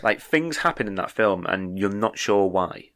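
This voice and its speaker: A man co-hosting a podcast, telling animated stories with stammered restarts and quick acted-out quotes. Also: on the low side. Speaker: podcast co-host. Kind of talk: casual chat.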